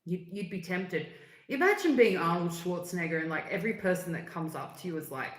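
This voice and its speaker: A woman, chatting in a rambling, relaxed way on a livestream, full of fillers and asides. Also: fairly low pitch, brisk. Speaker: livestream host. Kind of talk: casual livestream chat. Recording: echoey room.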